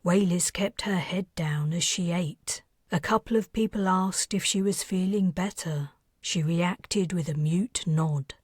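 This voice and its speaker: A woman reads her science fiction audiobook at an unhurried pace, her voice husky and breathy. The sound is dry and close, with no room around it. She reads with tension, pushing to near-shouts when the scene turns frantic and sinking to a whisper when it goes quiet. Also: fairly low pitch, no room sound. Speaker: audiobook narrator, the author. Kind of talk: scripted audiobook narration.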